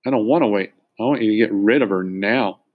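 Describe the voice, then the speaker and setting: A man voicing an excitable, jealous little boy with a high, sing-song childish voice. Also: brisk, narrow, tinny audio, close to an everyday voice. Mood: demanding.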